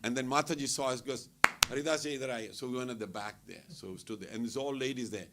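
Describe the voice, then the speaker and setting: Speaking fast at medium pitch over a very noisy recording, this temple speaker shares humorous travel anecdotes. He laughs frequently and performs other people's lines in a relaxed, storytelling way.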